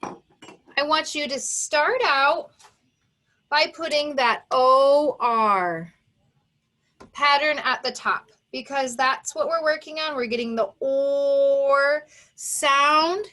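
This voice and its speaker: A woman teaching a phonics lesson to young children, who sounds out each sound and syllable with slow, careful emphasis. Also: sits high, pushed and bright. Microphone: recorded for an online video lesson.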